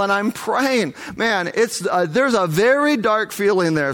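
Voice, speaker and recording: A man's voice: sits high, fairly bright tone. A man working as a missionary tells a first-person testimony story, earnest and vivid, acting out the dialogue.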